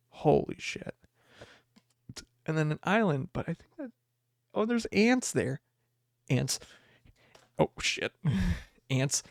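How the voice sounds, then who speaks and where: Gravelly young man rambling casually. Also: on the high side, no room sound, clean studio sound. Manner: rambling, excitable, reads card text aloud. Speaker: podcast host. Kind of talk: casual card pack opening chat.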